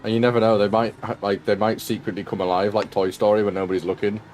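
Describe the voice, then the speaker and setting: A man's voice: fairly low pitch, little pitch movement, fast talker, darkish tone, slight background noise. A man streaming a sim racing session, tired and yawning, chatting casually and joking with viewers he greets by name. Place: at home.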